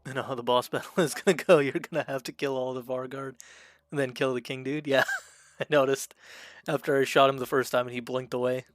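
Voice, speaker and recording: A man streaming a strategy game, chatting casually and thinking out loud as he plays, with frequent fillers and restarts. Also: medium pitch, steady tone, fairly quick, no room sound, studio quality. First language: Russian. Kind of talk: casual gameplay commentary.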